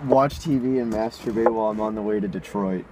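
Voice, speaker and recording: A young man co-hosting a podcast in casual chat, jokey, with quick interjections and questions. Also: on the low side, background noise. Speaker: podcast co-host.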